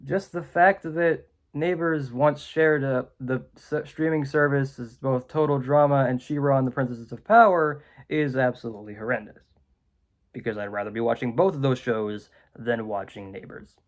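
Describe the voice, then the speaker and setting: Dude ranting about a movie in his room, lots of ums, sarcastic, middle-pitched voice. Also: steady tone, moderate pace. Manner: sarcastic, filler-heavy with many ums. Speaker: movie reviewer. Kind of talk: rambling casual movie review. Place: indoors, room with a window.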